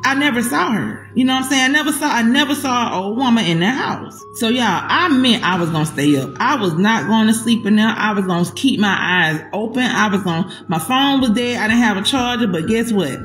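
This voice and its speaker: Woman storyteller, casual and cussing, lively pitch swings, echoey room, faint music. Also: a little fast, few pauses. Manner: profane, animated, talks to viewers as "y'all".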